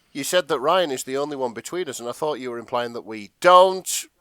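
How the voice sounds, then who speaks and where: A man voicing a naive, excitable young hero, pitched up and loud in a comedy fanfic reading. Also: fairly quick, clear, resonant tone, no echo, studio quality. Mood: bewildered.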